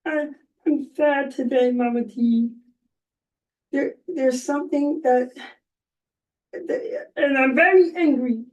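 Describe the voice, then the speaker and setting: A woman voicing a puppet boy who feels sad and angry, speaking haltingly about being hurt. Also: sits high, darkish tone, distant mic, dull audio.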